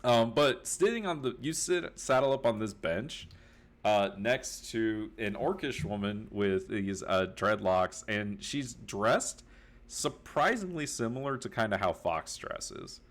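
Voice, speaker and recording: A man narrating as game master of a tabletop game, setting scenes in a relaxed, amused way. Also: fairly low pitch, measured pace.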